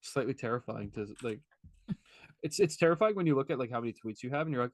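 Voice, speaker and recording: A man co-hosting a live hockey watch-along, rambling through his thoughts and joking at his own expense. His voice is medium in pitch and sounds close and dry. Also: expressive, quick pace, no room sound. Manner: rambling, self-mocking, laughs. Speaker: podcast co-host. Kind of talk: casual chat watching a hockey game live.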